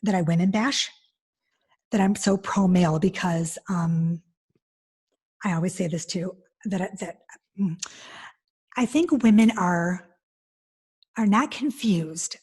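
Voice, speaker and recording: A woman guest on an interview podcast, telling stories in an animated, expressive way. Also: lowish voice, takes it slowly, pauses often, husky. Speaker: divorce specialist guest. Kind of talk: conversational interview.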